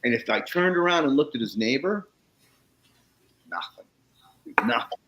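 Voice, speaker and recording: A man's voice: fairly high pitch, fast, muffled recording. A man who works on soil and landscapes, guest on a talk show, telling a story casually with swearing and acted-out voices. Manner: animated, profane, acts out the people he quotes.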